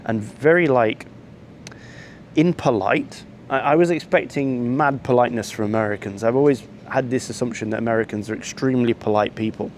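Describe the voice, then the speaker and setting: A man's voice: medium pitch, darkish tone, slight background noise. A man, telling a rambling travel story to camera and complaining at length, with frequent ums and restarts. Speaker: travel vlogger.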